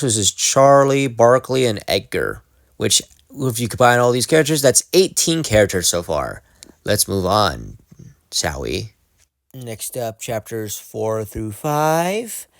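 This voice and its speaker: A man's voice: mid-range voice, gravelly, no room sound, clean studio sound. A young man giving casual, jokey fan commentary, rambling and interrupting himself as he goes. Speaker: video creator.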